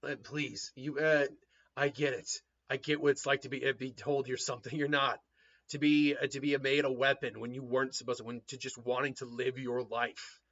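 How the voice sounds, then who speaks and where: Man as a hushed, gentle young ninja, pleading, on a muffled lo-fi track. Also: mid-range voice, level tone, normal speed. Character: quiet young male ninja, earnest and gentle.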